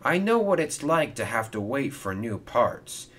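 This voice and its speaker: A man's voice: mid-range voice, very animated, measured pace, fairly bright tone. A man voicing a kind, helpful male steam engine in a storybook reading, friendly and earnest.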